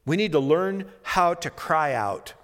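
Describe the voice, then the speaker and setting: A man preaching, reading scripture in slow, weighty phrases and breaking into fervent, pleading calls. His voice sits a little high for a man. A long reverb trails behind him, as in a large hall. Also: animated, fairly bright tone. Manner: slow emphatic reading rising to impassioned pleas. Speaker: pastor. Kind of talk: sermon reading and explaining scripture.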